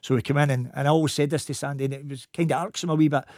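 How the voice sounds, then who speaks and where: A Scottish football coach from Glasgow with a Glaswegian accent, telling animated stories in a casual chat. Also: male voice, fairly high pitch, no room sound, studio quality. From Scotland. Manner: animated anecdotes, quick talk. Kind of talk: casual storytelling.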